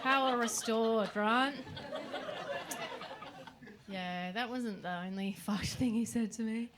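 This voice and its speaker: A young Australian woman does a brash, sweary stand-up set on a comedy club stage with an audience, tossing "right?" into every bit. Her voice is on the high side and slow-paced, with a noisy background.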